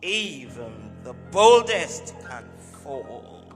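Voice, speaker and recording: Slow, grave male narrator. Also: a little high, very animated. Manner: grave, dramatic. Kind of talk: solemn scripted narration. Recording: reverberant hall with music.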